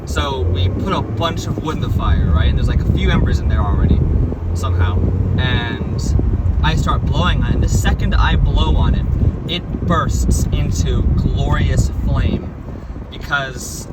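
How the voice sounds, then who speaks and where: A man's voice: medium pitch, unhurried. A man casually telling a dream, rambling and filling his talk with like and right?. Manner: rambling, full of likes and right?s. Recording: distant mic, loud background noise.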